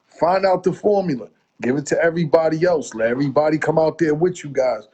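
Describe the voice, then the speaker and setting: A man's voice: fairly high pitch, quick pace, husky. A middle-aged man from the Boston area chatting on a video call as an interview guest, rambling through stories and acting out what people said. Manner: rambling, animated storytelling with quoted asides. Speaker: music promoter, interview guest. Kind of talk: casual interview chat.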